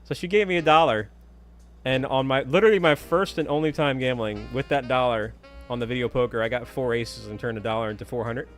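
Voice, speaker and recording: A man's voice: medium pitch, brisk, soft background music. A man chatting casually with viewers during a live stream, telling stories and humming to himself.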